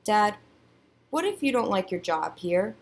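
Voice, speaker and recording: A woman's voice: medium pitch, sing-song, unhurried, creaky, voice pushed up, exaggerated voice. A woman voicing a homesick, restless young boy, eager and pleading in a storybook read-aloud.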